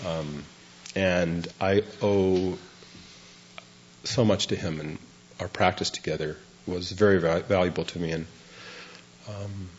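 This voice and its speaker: A man's voice: deep voice, fairly even intonation, slow, long pauses, a little hiss or hum. An older man, a Zen monk, telling a rambling, self-deprecating story to a group and laughing through the funny parts. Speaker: Zen monk giving a dharma talk. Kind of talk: storytelling talk. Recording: dull lo-fi recording.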